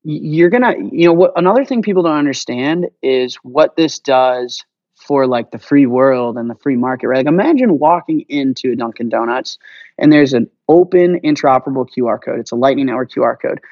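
A man talking as a podcast guest, passionate and fast-flowing, swearing casually as he makes his case. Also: medium pitch, expressive, no echo, lo-fi sound. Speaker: guest, payments company founder. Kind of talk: energetic podcast interview.

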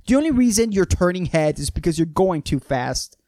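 A man's voice: sits high, big pitch swings, fairly quick, darkish tone, no room sound. Rambling, profane young man, dry sound. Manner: rambling and profane, peppers every sentence with "dude"; laughs at his own jokes. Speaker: podcast host. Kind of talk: solo podcast monologue.

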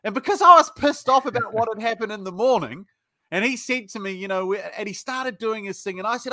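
A British man with a high, bright voice, a sales trainer guest in a casual interview, tells sales stories bluntly and swears freely. He's animated and a little fast, recorded close and dry with no room sound or echo.

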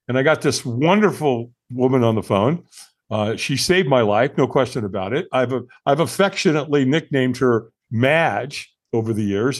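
A man in his sixties from the United States, a podcast guest telling his own story in an earnest, animated way with frequent fillers and restarts. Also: medium pitch. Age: 60s. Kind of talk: conversational storytelling interview.

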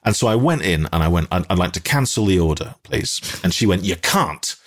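A man's voice: low voice, expressive, fast talker. A man with an English accent, telling a rambling, self-deprecating story as a guest in a casual conversation, hesitating often.

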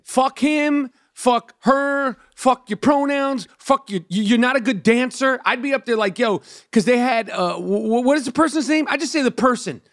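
High-voiced man ranting, dry sound. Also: moderate pace, few pauses, a bit bright, dry recording. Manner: heated, ranting, profane. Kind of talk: casual profane chat.

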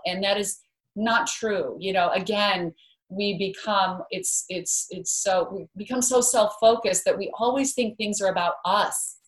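A woman guest in an interview, talking earnestly and telling a story, often repeating words as she starts a thought. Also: mid-range voice. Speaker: guest author. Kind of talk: interview conversation.

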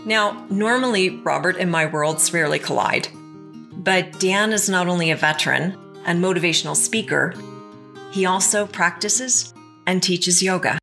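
Low, gravelly woman narrating a show. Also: moderate pace, pushed and bright, soft background music. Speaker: podcast host. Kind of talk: scripted narration.

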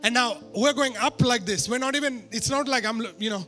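A man preaching a sermon through a personal story, animated and poking fun at himself. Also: very high-pitched, a little fast, faint music behind. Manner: animated, self-mocking humor.

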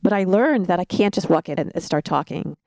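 A woman's voice: on the low side, lively intonation, fairly quick, creaky, dry recording. A middle-aged woman telling parenting stories in a casual chat, laughing now and then. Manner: warm storytelling with laughs.

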